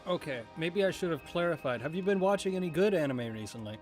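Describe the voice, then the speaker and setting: A man's voice: a little high, lively intonation, fast, a little mellow, soft background music. A man from New Zealand streaming a game, chatting casually in a rambling, joking and profane way. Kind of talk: casual chat while gaming.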